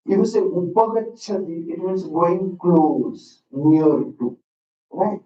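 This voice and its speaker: Slow, deliberate Indian English male lecturer. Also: sits high. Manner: slow, deliberate teaching with frequent "okay" and repetition. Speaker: lecturer on Sanskrit texts. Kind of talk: classroom lecture. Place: school hall. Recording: roomy, dull sound from a distant mic.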